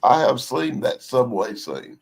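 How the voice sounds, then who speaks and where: A man's voice: mid-range voice, big pitch swings, measured pace, creaky. A man in a casual podcast chat who makes dry, blunt remarks.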